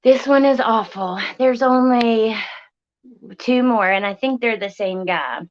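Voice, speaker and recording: A young woman chats on a livestream. Her voice sits fairly high, soft-spoken and halting, broken by pauses and fillers. The audio is lo-fi and muffled. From West Virginia, USA. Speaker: livestream host. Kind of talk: casual livestream chat.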